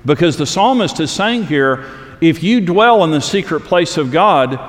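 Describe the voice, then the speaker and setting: A man's voice: fairly high pitch, animated, measured pace, big-room sound. A man preaching a sermon, earnest and repetitive for emphasis, reading scripture aloud to a congregation. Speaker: pastor.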